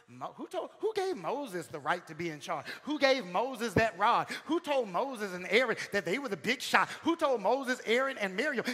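A male pastor preaching a sermon in a church, calling out to the congregation, swinging from shouted peaks to sudden quiet lines. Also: high-pitched, very animated, normal speed, few pauses, husky. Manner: calls out to the congregation. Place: church sanctuary. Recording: long hall reverb.

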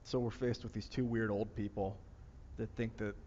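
Rambling low-voiced man from Ohio. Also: level tone, moderate pace, warm tone, in a large hall, lo-fi sound, slight background noise. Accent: Northeast Ohio. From Northeast Ohio, USA. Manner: musing, meandering, many fillers and restarts. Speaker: vlogger. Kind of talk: casual rambling monologue. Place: outdoor rooftop among plants.

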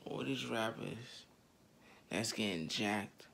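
A man with a low, gravelly voice rants at his viewers in loose street slang, circling back to the same points again and again. His tone is heated and blunt throughout. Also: slow pace, pushed and bright, slight background noise. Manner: heated, repetitive, slangy street talk addressed to "y'all". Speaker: online commentator. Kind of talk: ranting commentary to viewers.

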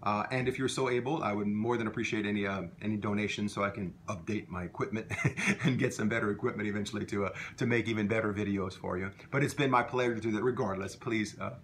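A man from talks through a casual language lesson in a fairly low voice. He rambles and restarts often, with plenty of ums and uhs. His is easy to hear. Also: quick pace, slight background noise. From Louisiana. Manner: relaxed, rambling, many fillers and restarts. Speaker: French language teacher.

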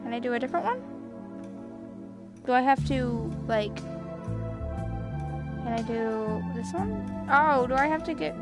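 High, lively woman streamer over music. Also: takes it slowly, long pauses. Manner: playful, whiny, swears a lot, laughs often. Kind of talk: casual gaming stream chat.

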